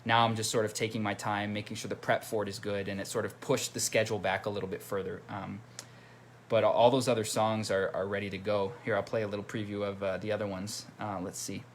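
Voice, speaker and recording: A male musician streams casually from home at his computer, talking fast and chatting while he reads viewer comments aloud and greets people. His pitch is fairly low and level, with slight background noise.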